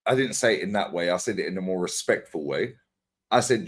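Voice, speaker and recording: Lively man telling stories. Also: low-pitched, brisk, slightly rough. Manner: animated storytelling, acts out quotes, swears freely, lots of slang. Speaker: podcast co-host. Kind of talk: casual chat.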